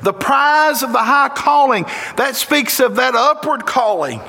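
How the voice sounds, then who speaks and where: A man's voice: extremely high pitch, animated, a little slow, creaky, sharp tone. A man with a Southern Tennessee accent preaching a sermon in a church, fervent and folksy with bursts of exclamation. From Tennessee, USA. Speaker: guest preacher. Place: church sanctuary. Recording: echoey church hall reverb.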